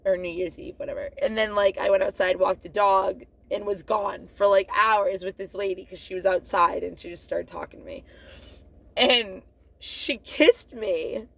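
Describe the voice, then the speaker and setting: Woman rambling to camera, swears a lot, gravelly fry in her voice. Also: medium pitch, fairly even intonation, normal speed, a bit bright. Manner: rambling, profane, laughs often, loses track. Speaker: vlogger. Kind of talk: rambling casual monologue.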